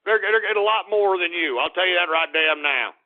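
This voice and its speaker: A man's voice: high voice, fairly quick. A middle-aged man hosting a talk radio show, ranting in a blunt, crude, opinionated way. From Texas. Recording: tinny phone-like radio audio.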